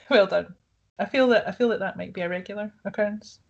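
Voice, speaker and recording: A woman co-hosting a podcast in casual chat, chatty and quick to laugh. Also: mid-range voice, vocal fry, dull audio. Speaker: podcast co-host.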